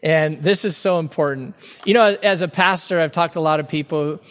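A male pastor delivering a sermon in an earnest, emphatic way, often doubling back on his words as he presses a point. His voice sits high for a man. It rings out with a long reverb, as in a large hall. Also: brisk, fairly bright tone. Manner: earnest, emphatic preaching with frequent restarts.

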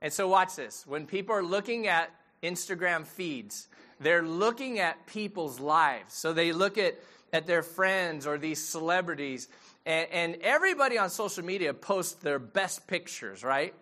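A man's voice: on the high side, lively intonation, a little slow, bright, forceful tone. A middle-aged man, a pastor giving a sermon in a conversational storytelling way and asking the audience questions.

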